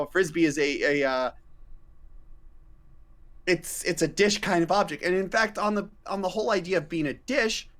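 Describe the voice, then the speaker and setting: A man's voice: on the high side, fairly bright tone. A man appearing as a guest on a live stream, making a playful, mock-serious case in casual chat.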